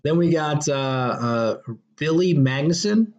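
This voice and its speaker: A man's voice: a little high, animated, takes it slowly, a little mellow. A man hosting a casual podcast chat reviewing a movie, enthusiastic and rambling, with many fillers and restarts. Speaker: podcast host. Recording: dull lo-fi sound.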